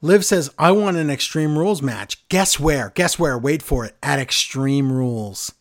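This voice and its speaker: A man co-hosting a casual wrestling recap podcast, sarcastic and lively as he runs through the night's events. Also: on the high side, a little slow. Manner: animated, sarcastic play-by-play.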